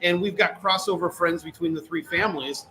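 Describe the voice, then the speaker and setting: A man in his forties co-hosting a podcast in animated casual chat, reading out listener comments. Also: high-pitched, brisk, rough recording. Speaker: podcast co-host.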